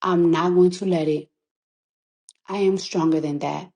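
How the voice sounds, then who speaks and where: A recording artist, tearful, gives an emotional monologue on a phone livestream in a fairly low, dark-toned voice that is steady and a little slow. She sounds emphatic and defiant, swearing freely and repeating lines to hammer them home.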